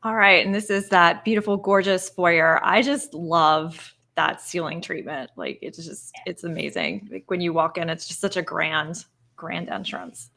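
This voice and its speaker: A woman with a bright, crisp voice co-hosts a relaxed live broadcast. She talks with open enthusiasm, heaping praise in an easy conversational way. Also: on the low side, a little slow. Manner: gushing, enthusiastic. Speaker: co-host. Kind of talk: casual live-stream chat.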